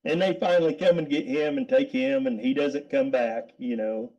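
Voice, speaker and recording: A man's voice: on the high side, sing-song, normal speed, mellow, lo-fi sound. A middle-aged man, a guest, telling a story casually, rambling with repeated words and frequent laughs.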